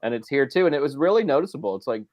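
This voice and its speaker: A man's voice: mid-range voice, animated, rapid-fire, a little mellow. Wry man critiquing a film. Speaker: podcast co-host. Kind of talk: casual film discussion.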